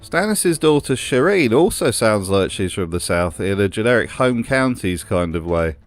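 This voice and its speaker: A man's voice: fairly low pitch, sing-song, normal speed. A man hosting a comedic commentary video, with a dry, sardonic delivery. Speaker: host.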